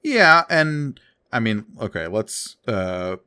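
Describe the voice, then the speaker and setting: A man's voice: mid-range voice, big pitch swings, slow pace, sharp tone, clean tone, no room sound, clean studio sound. A man co-hosting a podcast, casually explaining story details and reading captions aloud. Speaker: podcast co-host. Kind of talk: casual comic book discussion.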